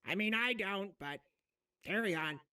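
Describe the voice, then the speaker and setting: A man's voice: high voice, animated, a little slow, bright, forceful tone, clean tone, recorded from a distance. A man joking crudely in casual live chat.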